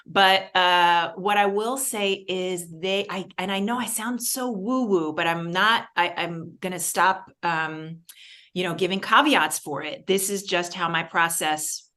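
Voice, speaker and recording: A woman, a guest performer in a casual interview, talking in an animated, digressive way with many restarts and asides. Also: on the low side, measured pace. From New York, born in Baltimore.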